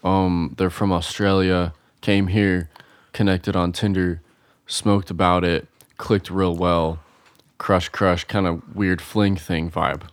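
A man co-hosting a podcast, telling a personal story in a halting, rambling way. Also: low-pitched, flat delivery, no room sound. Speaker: podcast co-host. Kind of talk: casual chat among friends.

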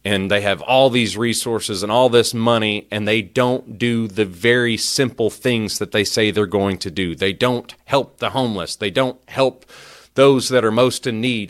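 Heated low-voiced man ranting. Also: a bit bright. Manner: heated, repetitive, stammers when worked up. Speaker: podcast host. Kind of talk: opinion rant.

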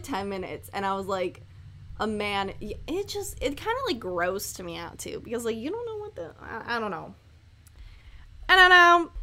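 A woman's voice: on the high side, sharp tone. A woman in her twenties hosting a casual solo podcast, candid and rambling with lots of asides, joking irreverently and laughing often. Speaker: podcast host.

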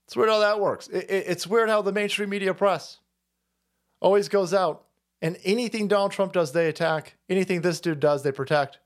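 A man's voice: high-pitched, moderate pace. A man ranting on his stream in political commentary, profane and mocking, swearing freely. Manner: profane, mocking, mimics opponents in silly voices. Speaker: streamer host.

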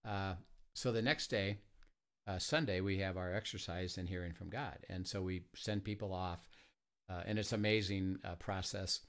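A man with a fairly low voice tells a story in an easygoing conversation. He is earnest and halting, full of small fillers and restarts. He sounds like a ministry leader sharing an experience. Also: steady tone, fairly bright tone.

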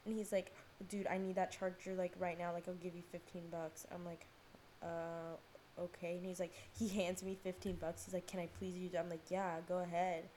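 A woman's voice: on the low side, flat delivery, a little fast, hardly any pauses, warm tone, a little hiss or hum. A teenage girl hosting a podcast, telling a rambling story with lots of fillers and swearing. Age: teens. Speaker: podcast host. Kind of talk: casual storytelling monologue.

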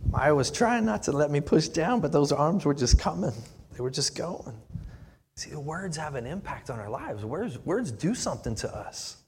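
A man's voice: a little high, big pitch swings, normal speed, a little mellow, husky. Earnest male pastor in a reverberant hall. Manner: earnest, repeats words when fired up. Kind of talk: sermon with live demonstration. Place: church sanctuary. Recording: long reverb of a church hall.

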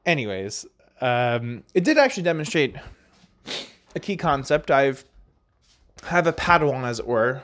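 A man's voice: mid-range voice, a bit bright. A man working as a barista, talking in a casual, rambling and digressive monologue.

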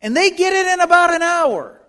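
A man's voice: very high-pitched, animated, moderate pace, sharp tone. A man teaching a Bible lesson in sermon style, earnest and building to fervent appeals. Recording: long reverb of a hall.

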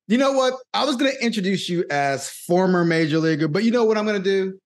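A middle-aged man hosting a podcast, talking in an energetic, hyped-up way with friendly banter. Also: sits high, quick pace, few pauses. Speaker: podcast host. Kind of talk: casual interview.

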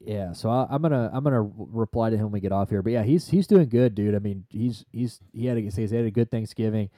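Mellow-voiced, rambling, profane male podcaster. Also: fairly low pitch, quick pace, no echo, studio quality. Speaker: podcast co-host. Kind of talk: casual podcast chat.

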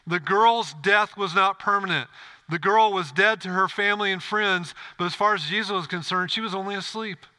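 A man's voice: sits high, pushed and bright, clear, resonant tone. A man pastor preaching a sermon in a church, earnest and direct, often asking the congregation questions.

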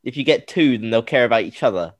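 Animated young podcast co-host. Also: male voice, mid-range voice, fast, dry recording. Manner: animated, playful, acts out voices in stories. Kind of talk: casual podcast chat.

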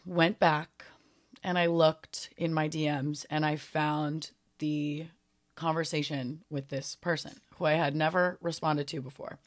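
A young woman with a low-pitched voice talks through her year on her solo podcast. She is sincere and open about her feelings, and her voice sits noticeably deep for a woman. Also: level tone, measured pace. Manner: earnest and heartfelt, a little emotional at times. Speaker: podcast host. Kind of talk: reflective solo podcast talk.

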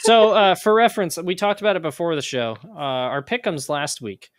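A man's voice: sits high, lively intonation, a little fast, dry recording, clean studio sound. A young man hosting a casual sports podcast, joking around and laughing often. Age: young adult. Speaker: podcast host. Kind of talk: casual chat.

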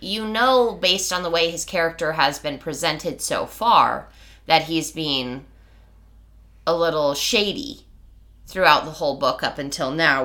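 A woman co-hosting a book podcast in casual chat, animated, with lots of "like" and quick restarts. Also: sits low. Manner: animated, fills speech with "like", restarts often.

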